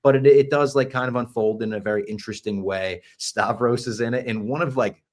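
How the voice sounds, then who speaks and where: A man hosting a podcast, chatting casually and enthusiastically, sometimes dropping to a hush for asides. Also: mid-range voice, steady tone, fairly quick. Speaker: podcast host.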